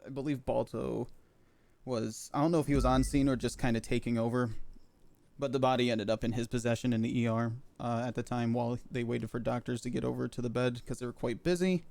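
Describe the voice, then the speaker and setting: A man playing a medic in a roleplay game, recounting events in character, pausing often with fillers as he talks. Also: mid-range voice, steady tone, gravelly, a little mellow. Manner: halting, filler-heavy recounting. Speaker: roleplay medic giving a statement.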